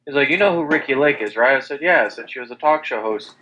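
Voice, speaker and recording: A man's voice: mid-range voice, lively intonation, fast, bright, forceful tone, muffled recording. A young man in casual chat, telling rambling stories with lots of restarts and crude language. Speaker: podcast co-host.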